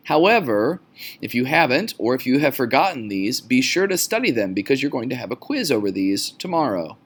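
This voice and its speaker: A middle-aged male teacher giving a recorded screencast lecture to his students, brisk and plainspoken, sometimes correcting himself mid-sentence. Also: medium pitch.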